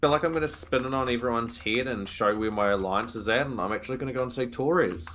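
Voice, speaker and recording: A man chatting casually on a live stream in an easygoing, measured way. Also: mid-range voice, fairly bright tone, a little hiss or hum.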